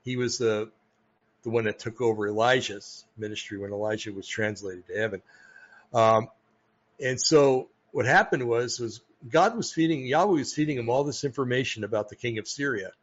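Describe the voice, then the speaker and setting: An American man hosting a podcast, talking casually about religion in a rambling way, with many pauses and restarts. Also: mid-range voice, muffled recording. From United States. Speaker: podcast host. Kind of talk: casual religious talk monologue.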